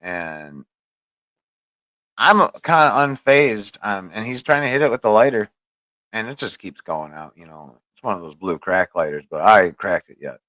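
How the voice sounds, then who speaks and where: Guy on a podcast spinning a long rambly story, swears a lot, kinda low voice, dry close sound. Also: animated, moderate pace, pushed and bright, no echo, low-quality recording. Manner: rambling, profane, laughs at own story. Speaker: podcast host. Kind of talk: casual storytelling chat.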